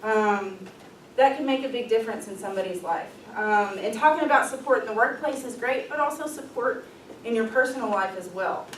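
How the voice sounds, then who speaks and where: A woman's voice: fairly high pitch, fairly quick, a little hiss or hum. A woman presenting a leadership workshop, talking in an upbeat, casual way with frequent ums and light laughs. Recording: echoey room, voice from far off.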